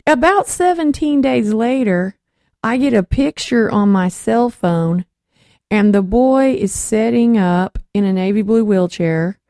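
A woman with a drawl hosts a Christian talk program and shares a testimony in a lively, storytelling manner. She slips into the voices of the people she quotes as the story unfolds. Her voice sits in a middle range and is recorded dry and close, with no room sound. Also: mid-range voice, measured pace, dry recording. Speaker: host of a Christian talk show.

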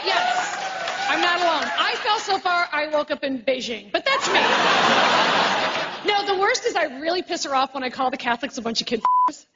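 A woman comedian performing a brash live stand-up set, teasing the crowd and swearing freely. She is on stage before a live audience, in a dull recording over loud crowd noise. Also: high voice.

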